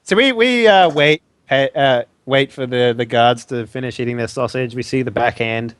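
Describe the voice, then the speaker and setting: A young man playing a tabletop game, goofy and excitable. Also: mid-range voice, normal speed, clean tone, no echo. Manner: goofy, excitable, laughing often. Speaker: player.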